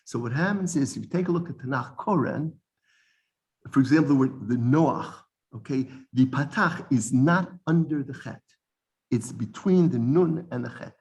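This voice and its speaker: Male teacher, gravelly voice, classroom lesson; explains, quizzes students, digresses and corrects himself. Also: mid-range voice, animated, moderate pace, darkish tone, dull audio. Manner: digressive, corrects his own wording.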